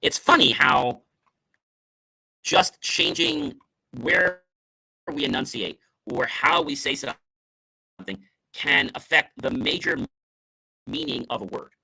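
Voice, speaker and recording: Middle-aged guy doing a motivational show, crisp bright tone, emphatic and salesy, mid pitch. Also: big pitch swings, slow pace, long pauses. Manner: emphatic, varies stress and tone to demonstrate meaning; salesy, upbeat sign-off pitch. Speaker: host. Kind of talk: motivational talk.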